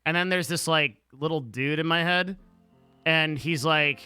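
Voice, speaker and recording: Man, live-stream chat, very bright sharp tone, slightly high voice, blunt, profane, rambling. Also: unhurried, clear, resonant tone, dry recording, soft background music. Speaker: livestreamer answering chat.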